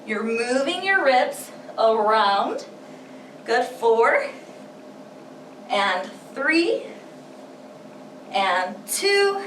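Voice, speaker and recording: A woman with a high, fairly bright voice leads a pilates workout at home, counting breaths and reps encouragingly while slightly out of breath. A little background noise is present, and the distant mic picks up an echoey room.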